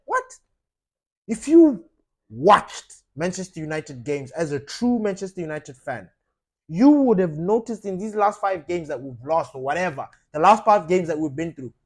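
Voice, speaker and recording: A man hosting a fan channel, talking passionately about his football club and addressing viewers directly, with lots of fillers and emphatic outbursts. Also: on the high side. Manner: impassioned, rising to loud emphatic outbursts, frequent fillers.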